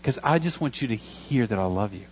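A man in his forties preaches to his congregation in a relaxed, conversational way, earnest and now and then joking. His voice sits at an ordinary pitch. The recording sounds a little dull and lo-fi. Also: a little fast, husky. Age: 40s. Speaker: pastor. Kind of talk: sermon.

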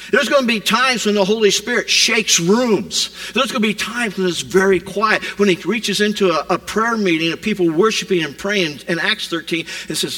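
A man preaching a sermon, retelling scripture as a vivid modern scene, rising loud and dropping to a hush. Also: high-pitched, normal speed, low-quality recording. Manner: animated storytelling preacher, swings from loud to hushed. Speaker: pastor.

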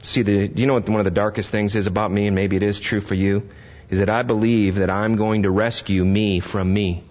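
A man's voice: fairly low pitch, little pitch movement, fairly quick, darkish tone. Older male pastor preaching conversationally. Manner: conversational preaching, rising to impassioned emphasis. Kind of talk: sermon. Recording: dull lo-fi sermon recording.

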